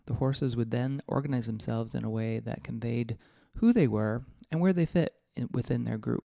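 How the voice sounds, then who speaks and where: A man's voice: medium pitch, normal speed, vocal fry, warm tone, no room sound, clean studio sound. A male podcast host reading a personal essay aloud in a reflective, candid, mildly profane way.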